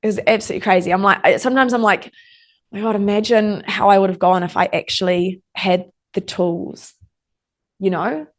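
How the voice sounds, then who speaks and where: A woman's voice: mid-range voice, steady tone, fairly quick. A young woman, an interview guest chatting casually and acting out old conversations as she tells stories. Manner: chatty storyteller, lots of "like", acts out quoted exchanges.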